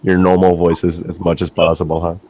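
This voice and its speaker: A man hosting a podcast interview, relaxed and friendly. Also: deep voice, a little fast. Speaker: podcast host. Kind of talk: casual interview chat.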